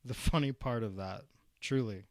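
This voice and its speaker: A young man telling a funny story in casual chat, animated, laughing often and swearing. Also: mid-range voice, normal speed, dry recording, clean studio sound. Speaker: guest. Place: Arizona.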